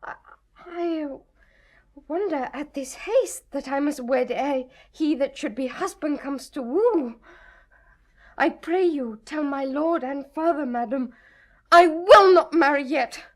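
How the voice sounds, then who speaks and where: A woman's voice: high voice, slow. A tearful young noblewoman. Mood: defiant. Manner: tearful, pleading. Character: young noble girl, desperate and defiant daughter. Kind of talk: 1970s radio drama acting.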